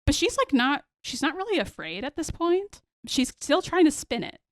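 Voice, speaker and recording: A woman's voice: sits high, moderate pace, no room sound, clean studio sound. A woman hosting a podcast, recapping a TV episode in casual chat and animatedly acting out the characters' lines. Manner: animated, acts out characters' lines, addresses listeners as y'all. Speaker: podcast host.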